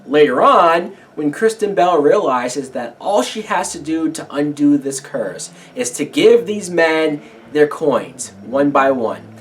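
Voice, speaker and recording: Casting: young male reviewer, profane sarcastic rant with a swinging, animated pitch. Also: slow pace, slight background noise. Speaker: movie reviewer. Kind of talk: ranting film review.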